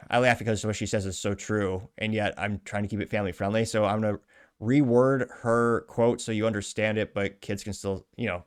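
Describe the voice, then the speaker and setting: A man hosting a commentary show, reading out comments and ranting with indignant sarcasm. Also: fairly low pitch. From United States. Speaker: host.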